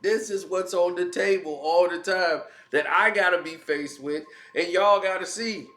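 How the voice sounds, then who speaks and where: A man's voice: high voice, moderate pace, sharp tone. Laughing mocking man in echoey room. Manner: laughs often, mocking asides. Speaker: commentary channel host. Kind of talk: casual opinion commentary.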